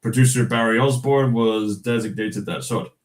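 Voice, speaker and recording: A man's voice: medium pitch, fairly even intonation, moderate pace, rough recording. A Scottish man hosting a livestream, reading news aloud in casual chat, chuckling often and stumbling over restarts. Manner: chatty, chuckles often, many fillers and restarts. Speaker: livestream host.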